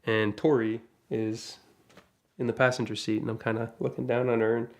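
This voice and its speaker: A man telling a casual first-person story about crashing his car, chatty and lively, with asides and small laughs. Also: mid-range voice, moderate pace. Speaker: DeLorean rental owner telling a crash story.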